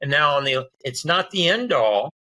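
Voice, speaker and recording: A man, a doctor guest on a podcast, talking casually and telling animated stories that act out the dialogue. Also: on the high side, normal speed, poor audio. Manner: animated storyteller acting out dialogue.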